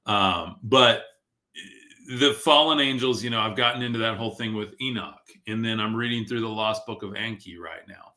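A man talks casually on a live stream, wandering between stories and reading viewer comments. His voice sits on the low side but comes out bright and edgy, a little worn from a long day of talking. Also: moderate pace. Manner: rambling, chatty, reads viewer comments aloud. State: losing his voice. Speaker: podcast host reading live chat. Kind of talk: casual livestream talk. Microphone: streaming from a tablet.

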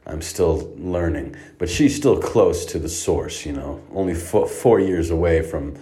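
A man's voice: deep voice, measured pace, warm tone. A man telling a profane comic story in an exasperated, ranting way, with heavy swearing. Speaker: comedic storyteller.

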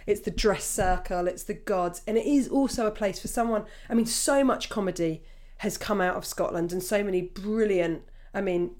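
A woman's voice: mid-range voice, moderate pace, a little mellow. A woman who is a stand-up comedian, talking casually with many restarts. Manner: chatty, rambling restarts. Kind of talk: casual chat.

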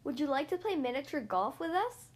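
A woman reading aloud, voicing an excitable young girl who squeals with delight. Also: high-pitched, a little fast. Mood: excited.

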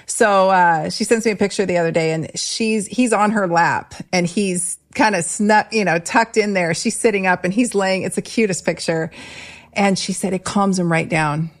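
A middle-aged woman hosting a podcast, telling stories in a chatty, animated way with many restarts. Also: fairly low pitch. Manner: chatty, animated storyteller with frequent restarts and laughs. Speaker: podcast host. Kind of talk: casual conversational interview.

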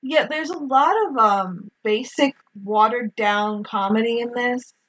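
A woman co-hosting a casual film recap, talking in an animated, gushing way and acting out characters' lines. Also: on the high side, measured pace, low-quality recording. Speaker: podcast co-host.

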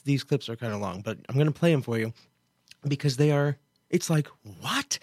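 A man hosting a talk show rambles through his commentary, cutting himself off and circling back with open disbelief. His mid-pitched voice sounds dry and close, with no room around it. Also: expressive, normal speed, a little mellow, dry recording. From Kansas, USA. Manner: digressive, self-interrupting, incredulous. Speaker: host. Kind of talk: casual radio commentary.

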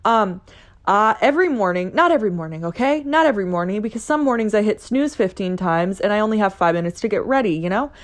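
A young adult woman hosting her own podcast, talking casually and playfully, cussing and acting out excited voices. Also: mid-range voice, quick pace. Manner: chatty, profane, playful, mimics excited voices. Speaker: podcast host. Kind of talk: casual solo podcast talk.

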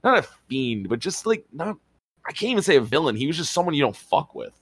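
A man telling a rambling, excitable story as a podcast co-host, swearing casually. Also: a little high, fast talker, husky, no echo. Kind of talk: casual chat.

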